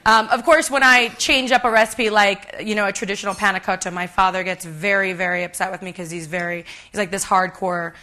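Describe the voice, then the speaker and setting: Bright-voiced, chatty woman chef demonstrating. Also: medium pitch, fairly even intonation, brisk, few pauses. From United States. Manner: chatty and self-deprecating, many ums, laughs at herself. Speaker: chef giving a cooking demonstration. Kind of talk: live cooking demonstration to an audience. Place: conference stage before a live audience.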